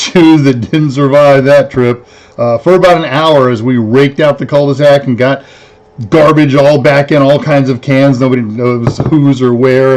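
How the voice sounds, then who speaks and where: A man's voice: medium pitch, a little mellow. A man hosting a weekly tech livestream, chatting casually in a rambling way, counting aloud and correcting himself. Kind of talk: casual live-stream chat.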